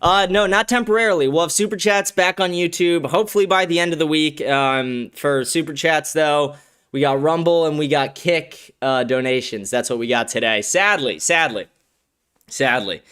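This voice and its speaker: Man, livestream host, slightly high voice, crude and profane, laughs a lot, studio. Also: moderate pace, fairly bright tone, clear, resonant tone. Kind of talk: casual livestream commentary.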